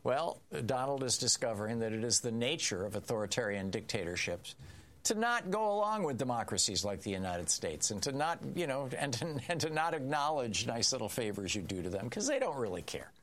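A male radio talk show host with a voice of ordinary pitch. He delivers political commentary in a sarcastic, offhand manner. He often stops and restarts his sentences. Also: big pitch swings, fairly quick, fairly bright tone.

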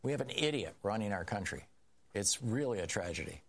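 A man's voice: on the low side, expressive, fairly quick. A man hosting a political call-in radio show, speaking in a sarcastic, conversational way and often restarting his sentences. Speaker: radio talk show host.

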